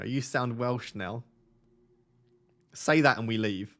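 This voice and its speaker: A young man with a lightly softened Essex accent chats through a live stream at an ordinary, mid-range pitch. He reads viewer questions aloud and answers them in an easygoing, laughing way. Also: takes it slowly, pauses often. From Essex, England. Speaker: fantasy football streamer. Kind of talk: casual live-stream chat.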